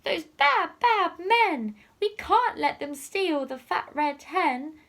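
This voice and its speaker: A woman's voice: extremely high pitch, expressive, slow, a bit bright, pitched above the performer's own voice, full character voice. A woman voicing two indignant farm cats in a storybook reading.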